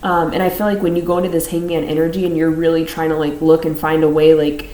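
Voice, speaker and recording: Woman, tarot reader, low voice, casual reading, repeats herself, roomy echo. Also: little pitch movement, fast talker, mellow. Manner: rambling, repeats phrases, laughs between thoughts.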